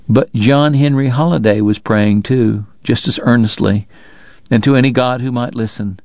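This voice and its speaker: Male narrator, slow measured reading, dramatic, dry close sound, dull lo-fi. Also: mid-range voice, steady tone, a little mellow, no echo. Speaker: audiobook narrator. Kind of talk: scripted narration.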